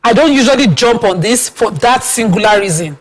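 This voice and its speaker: A woman's voice: fairly high pitch, animated, brisk, crowd noise. A woman hosting a talk show, speaking earnestly and sounding troubled. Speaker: host.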